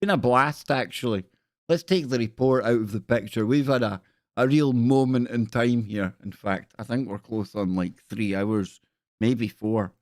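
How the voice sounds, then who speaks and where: A man's voice: medium pitch, measured pace, no room sound. Dry, scornful man hosting a livestream. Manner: scornful, rambling, chatty with viewers. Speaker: live stream host. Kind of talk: casual live stream chat.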